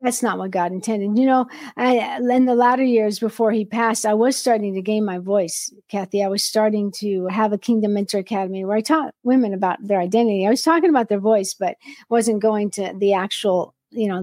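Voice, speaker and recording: A woman hosting an interview, talking animatedly and bluntly, with quick jumps in pitch. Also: steady tone, warm tone, dry recording, clean studio sound. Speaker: podcast host. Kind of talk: casual interview chat.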